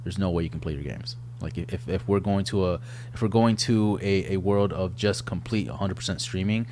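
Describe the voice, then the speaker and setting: A man in his thirties with a very low voice co-hosts a gaming podcast. He talks in a relaxed, rambling way, full of fillers. A faint hum sits under the recording. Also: normal speed. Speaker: podcast co-host. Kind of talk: casual chat.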